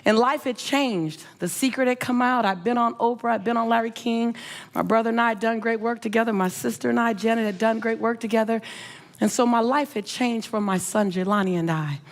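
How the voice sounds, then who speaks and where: Animated, emphatic woman telling a story. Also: on the high side, a little fast. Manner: animated, emphatic, repeats phrases for effect. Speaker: motivational speaker. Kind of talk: emotional storytelling talk.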